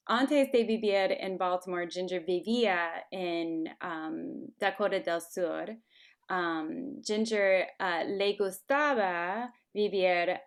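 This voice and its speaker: A woman's voice: lowish voice, smooth. Hesitant woman student full of ums. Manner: hesitant, many ums, stops to ask questions. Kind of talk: answering in a language class.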